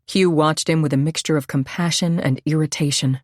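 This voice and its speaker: Low-voiced woman reading an audiobook. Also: fairly even intonation, fairly quick, darkish tone, no echo, clean studio sound. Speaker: audiobook narrator. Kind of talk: scripted narration.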